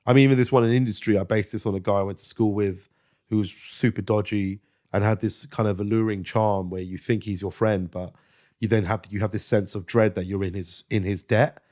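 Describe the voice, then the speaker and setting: Guy from britain telling stories on a podcast, animated, swears a lot, does little impressions. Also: on the low side, a little fast. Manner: animated storyteller, swears freely, slips into impressions. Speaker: guest actor and comedian. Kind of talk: casual podcast interview.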